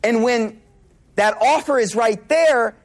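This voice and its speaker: A man giving a sermon to a live audience, telling stories in an animated way, laughing as he goes, and using casual slang with lots of repeated words. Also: extremely high pitch, slow. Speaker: Islamic speaker.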